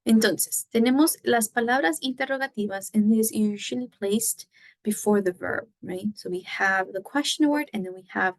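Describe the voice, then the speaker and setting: A woman's voice: medium pitch, normal speed, no echo. A woman teaching a Spanish lesson, explaining in English and Spanish and often checking in with "right?". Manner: frequent fillers and restarts. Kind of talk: recorded lesson.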